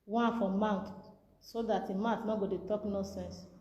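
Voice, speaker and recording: A woman's voice: mid-range voice, fairly even intonation, normal speed, dark tone, roomy sound, big-room sound, lo-fi sound. A Nigerian woman vlogger doing a comic skit monologue in a mock-soothing tone, repeating herself often.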